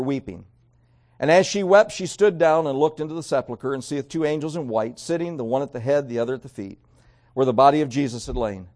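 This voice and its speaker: Animated preaching man. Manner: animated, swings between raised emphasis and quiet low endings; reads scripture aloud in King James wording. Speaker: pastor. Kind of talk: sermon.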